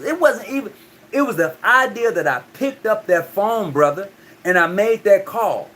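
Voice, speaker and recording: Male host, high voice, rambling casual talk, repeats words. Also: moderate pace, bright, forceful tone. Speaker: host of a call-in show.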